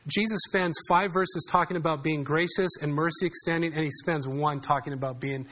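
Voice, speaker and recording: A man's voice: on the high side, fairly even intonation, brisk, pushed and bright. A man preaching a sermon in a conversational way, often asking his congregation questions. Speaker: pastor.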